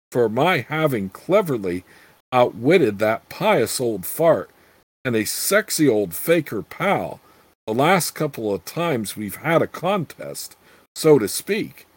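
A man's voice: mid-range voice, very animated, takes it slowly, husky, no room sound, heavily acted. A man voicing a crude, scheming old female witch with brash, earthy talk.

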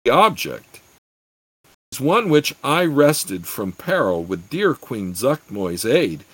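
A man's voice: mid-range voice, big pitch swings, slow, slightly rough, no room sound, exaggerated voice. A man voicing a proud female witch who speaks in an imperious, lecturing way, in an audiobook.

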